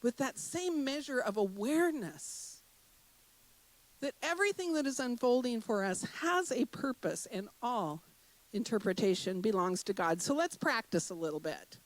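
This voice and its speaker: A woman minister giving a sermon, emphatic and repetitive, asking the congregation rhetorical questions and leading a slow breathing meditation. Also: a little high, big pitch swings, no room sound, rough recording. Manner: slows into a soft, guided breathing meditation.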